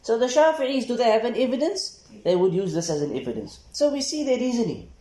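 A man teaching a hadith class, reading Arabic text quickly, translating it, and asking the class rhetorical questions. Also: very high voice, very animated, warm tone. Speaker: Islamic studies teacher. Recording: echoey room.

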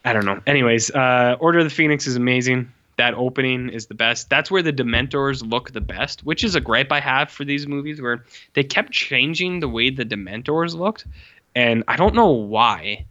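A man's voice: mid-range voice, normal speed. A young man chatting casually and animatedly about movies as a podcast co-host, swearing now and then. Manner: animated, swears, mimics characters with squeals. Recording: slightly dull lo-fi audio.

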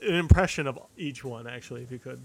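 A man's voice: mid-range voice, fast, gravelly, low-quality recording. A man co-hosting a casual chat, talking in a wry, playful way and laughing often. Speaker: podcast co-host.

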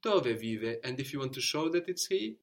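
A man's voice: mid-range voice, very animated, normal speed, gravelly. A man teaching a language lesson step by step, patient and encouraging, spelling out words and praising answers.

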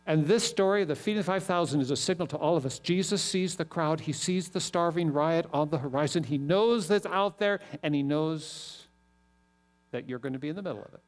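A middle-aged male pastor preaching a sermon, animated and telling stories with quick asides. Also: fairly high pitch.

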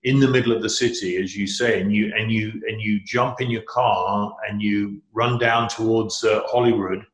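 A man's voice: lowish voice, steady tone, moderate pace, roomy sound. A middle-aged man chatting as an interview guest, rambling and enthusiastic, often restarting his sentences. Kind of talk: casual interview chat.

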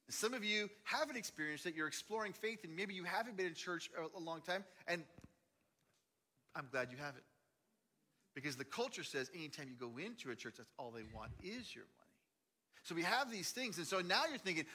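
A man preaching a sermon as a pastor, telling stories animatedly, swinging between loud and hushed delivery. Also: fairly high pitch, expressive, brisk. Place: large church auditorium. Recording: long hall reverb.

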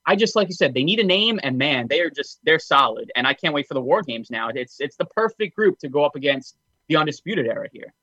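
A man's voice: fairly high pitch, expressive, fairly quick, bright, forceful tone, breathy edge, dry recording, highs cut off. A man co-hosting a casual wrestling podcast, rambling a bit and using lots of filler words. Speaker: podcast co-host.

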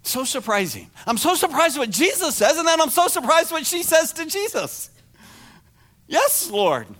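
A man preaching a sermon to his congregation, animated and acting out the words of the people in the story. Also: very high voice, normal speed. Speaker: pastor.

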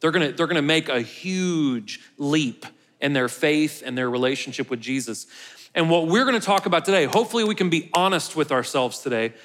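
A man's voice: on the high side, lively intonation, a little fast, fairly bright tone. A man preaching a sermon as pastor of his own church, talking casually to the congregation and joking along the way. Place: large church hall. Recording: long reverb of a church hall.

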